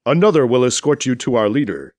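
A man's voice: mid-range voice, expressive, a little mellow, dry recording, clean studio sound, pitched below the performer's own voice, natural voice. A man voicing a proud, formal alien captain. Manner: formal, measured, dignified.

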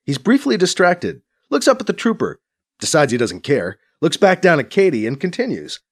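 A man narrating a story aloud in a steady, plain manner. His voice sits fairly high for a man and swings widely in pitch. He reads the prose between characters' lines. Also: normal speed. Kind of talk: scripted audiobook narration.

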